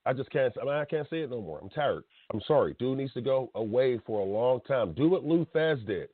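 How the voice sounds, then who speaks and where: A man in his late thirties rants bluntly with a husky voice and a lot of swing in his pitch. The sound is dry and tinny, like it came down a phone line. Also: animated, fairly quick, hardly any pauses, no room sound. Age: 30s. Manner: blunt, heated ranting with laughs and slang. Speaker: podcast host. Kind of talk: casual radio talk.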